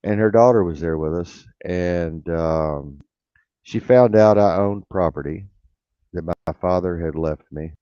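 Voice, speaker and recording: Deep-voiced older man spinning a blunt yarn. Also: a little slow, smooth, no room sound. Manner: rambling, blunt, profane, repeats himself. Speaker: radio show host. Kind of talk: casual storytelling. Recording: dull lo-fi radio sound.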